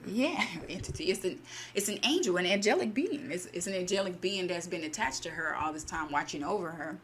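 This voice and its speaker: A woman casually retelling a short story to her channel, acting out the characters' lines with lively bursts. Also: fairly low pitch, a little hiss or hum. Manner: animated, acts out character lines. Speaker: storytelling host.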